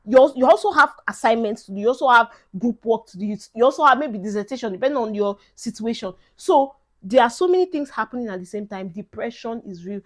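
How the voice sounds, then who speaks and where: Young Nigerian woman vlogger, emphatic and chatty, somewhat high-pitched, mixes in Pidgin. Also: lively intonation, fast, hardly any pauses. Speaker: vlogger giving advice to incoming students. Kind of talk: casual advice vlog.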